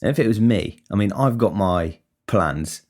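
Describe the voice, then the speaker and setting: A man with a very low voice tells a story on his podcast. He rambles casually, swears constantly and gets worked up as he goes. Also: animated, moderate pace, darkish tone. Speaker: podcast host.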